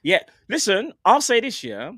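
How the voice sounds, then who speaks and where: A man's voice: high voice, wildly swooping pitch, moderate pace, crowd noise. A man, co-hosting a live football chat show, full of slangy banter and laughter. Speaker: co-host.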